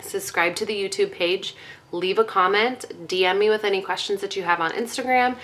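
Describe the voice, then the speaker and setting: A woman's voice: mid-range voice, normal speed, a bit bright, slight background noise. A young woman vlogging casually to her viewers, chatty with lots of ums, a little out of breath. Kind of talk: casual chat to camera.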